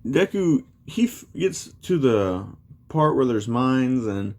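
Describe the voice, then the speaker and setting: A man's voice: medium pitch, big pitch swings, slow pace, darkish tone. A young man casually retelling a fan story, rambling with lots of fillers. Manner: rambling, many fillers like "you know".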